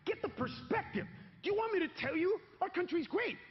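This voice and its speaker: Guy doing stand-up, super high voice, shouty punchlines, lo-fi live recording with crowd noise. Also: big pitch swings, brisk, soft background music. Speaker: stand-up comedian. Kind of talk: stand-up comedy set. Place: comedy stage before a live audience.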